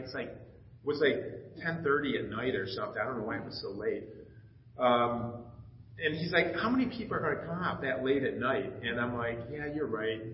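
A man's voice: mid-range voice, a little hiss or hum. Middle-aged man telling a heartfelt church story. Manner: storytelling, acting out dialogue, emotional. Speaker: pastor. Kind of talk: personal testimony in a sermon. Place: church sanctuary. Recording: echoey, slightly dull church recording.

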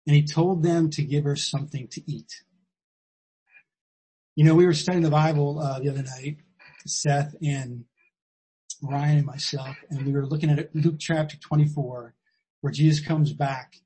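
Very husky man preaching a sermon. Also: fairly high pitch, steady tone, normal speed, long pauses, warm tone, rough recording. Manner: conversational, emphatic, repeats key phrases.

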